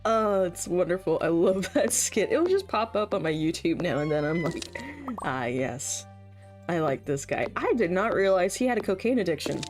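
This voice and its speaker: A woman's voice: mid-range voice, lively intonation, a little fast, hardly any pauses, darkish tone, faint music behind. Chatty laughing woman streamer. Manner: chatty, laughs often, swears casually, quotes comedy bits in put-on voices. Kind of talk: casual chat while streaming a farming game.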